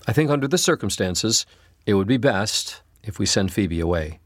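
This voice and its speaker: Man reading as a stern father, measured, grave, husky, dry sound. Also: lowish voice, expressive, no room sound. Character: stern sensible father of the house.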